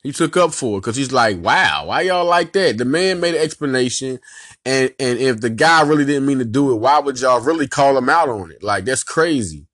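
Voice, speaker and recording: A man with a Philadelphia accent hosting a sports podcast, ranting in an animated, emphatic, slangy way and repeating his points. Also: mid-range voice, fairly quick, no room sound, studio quality. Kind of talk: casual sports rant.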